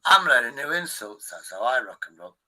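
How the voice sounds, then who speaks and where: A man's voice: medium pitch, very animated, noisy background. A man chatting casually on a stream, swearing and joking. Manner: swearing, banter, quick asides. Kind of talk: casual chat.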